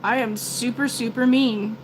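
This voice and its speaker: On a live stream, an older self-described big talker chats casually, rambling and restarting her sentences again and again. Her voice is a little high, with fairly even intonation and a measured pace. Poor audio adds slight hiss or hum.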